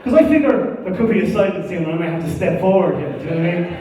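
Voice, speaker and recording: A man with an Irish accent doing a stand-up comedy set, animated and swearing, acting out quick characters. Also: high voice, heavy reverb, in a large hall, far from the mic, rough recording. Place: theatre stage before a live audience.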